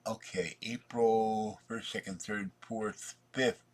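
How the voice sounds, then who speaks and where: A man's voice: on the low side, fairly even intonation, slow. A man rambling through a casual vlog, chatty and meandering, talking to himself as he works at his computer. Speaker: vlogger.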